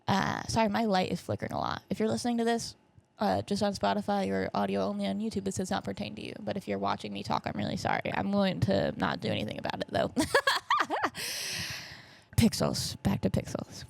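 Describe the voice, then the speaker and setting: Talking fast and expressively, a woman in her twenties hosts a casual solo podcast recap, rambling about movies with many fillers and asides. Her medium-pitched voice is gravelly and darkish, her nose a little stuffy, and she uses a camera setup.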